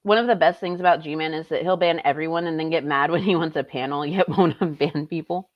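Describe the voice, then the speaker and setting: A woman's voice: fairly low pitch, fairly quick, dry recording, dull audio. A young woman streaming live, reacting in a blunt, profane and sarcastic way. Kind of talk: casual live-stream commentary.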